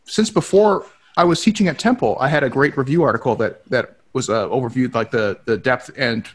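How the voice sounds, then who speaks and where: A man's voice: medium pitch, a little fast. A man co-hosting a webinar in casual chat, laid-back, explaining training advice plainly. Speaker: podcast co-host.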